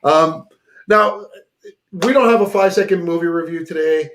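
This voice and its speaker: A man's voice: a little high, moderate pace, fairly bright tone, slight background noise. A man hosting a casual chat show, joking around and reading sponsor plugs. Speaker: talk show host.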